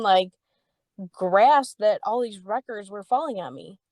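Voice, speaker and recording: A woman's voice: moderate pace, a little mellow, dry recording. A young woman hosting a podcast, telling a story in a casual, heated way, swearing freely, saying "like" often and acting out the voices in her story. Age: young adult. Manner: reenacts dialogue with raised pitch. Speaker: podcast host.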